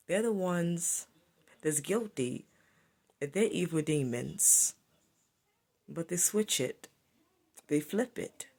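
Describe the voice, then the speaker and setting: A woman's voice: low voice, vocal fry, darkish tone. A woman giving a solo spiritual monologue to camera, repetitive and emphatic as she accuses. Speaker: spiritual vlogger.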